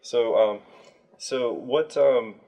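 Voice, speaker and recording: A man's voice: medium pitch, drawn-out words, mellow. A man hosting a livestream, chatting casually with a guest, with plenty of fillers and restarts. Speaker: livestream host.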